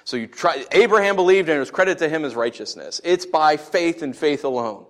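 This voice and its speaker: A man preaching a sermon who tells stories with animated swings, then teaches in an earnest, conversational way. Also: fairly quick. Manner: animated storytelling, lively swings in pitch and loudness. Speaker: pastor.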